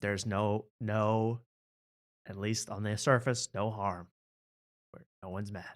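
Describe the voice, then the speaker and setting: A man's voice: lowish voice, fairly even intonation, takes it slowly. A man hosting a casual talk show, laughing often and repeating catchphrases. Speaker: host. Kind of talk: casual podcast chat.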